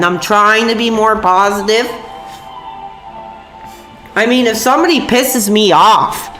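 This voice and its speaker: A woman's voice: medium pitch, a bit bright. Sick woman streamer venting, sore voice, cussing a lot, echoey room, bit of music. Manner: angry, profane, rambling. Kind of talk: livestream rant to chat.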